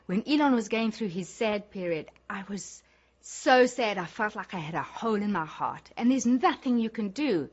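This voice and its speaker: A woman, a mother, recalling past events softly and emotionally in an interview. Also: medium pitch, expressive, moderate pace. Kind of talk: interview recollection. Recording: dull lo-fi audio.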